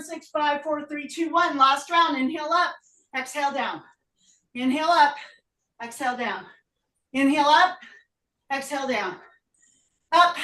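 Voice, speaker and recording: A woman teaching a live yoga class, out of breath, calling breath and pose cues with brisk energy. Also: high voice, bright, forceful tone. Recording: roomy echo, voice from a distance.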